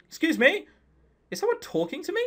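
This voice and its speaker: A man's voice: very high voice, huge pitch swings, fairly quick, bright, forceful tone, voice pushed up, exaggerated voice. A man voicing a curious, flustered young female college student with a hesitant, chatty manner.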